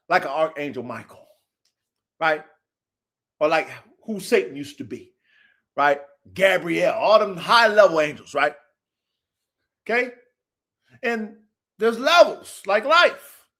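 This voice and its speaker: A man's voice: high-pitched, animated, unhurried, pauses often, bright, forceful tone. A man hosting his own show, talking unscripted to viewers in an aggressive, profane, preachy street style. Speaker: show host.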